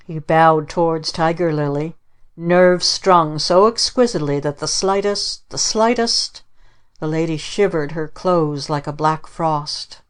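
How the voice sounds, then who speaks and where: A woman narrating an audiobook of old-fashioned stories in a plain, gentle storytelling way. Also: deep voice, a little slow, clear, resonant tone.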